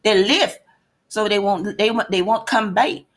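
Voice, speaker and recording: A woman's voice: mid-range voice, lively intonation, unhurried. A woman voicing an easygoing Jamaican woman working at a gas station, with a put-on Jamaican accent. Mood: matter-of-fact.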